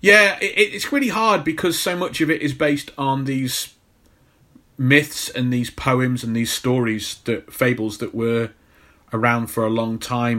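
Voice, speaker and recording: A podcast co-host with a medium-pitched, fairly bright voice talks casually about a film. He rambles and jokes, restarting his sentences often.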